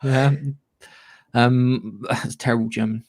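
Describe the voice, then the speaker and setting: A man's voice: mid-range voice, normal speed. A man co-hosting a casual gaming podcast, rambling and swearing freely, laughing often. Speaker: podcast co-host. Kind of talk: casual chat.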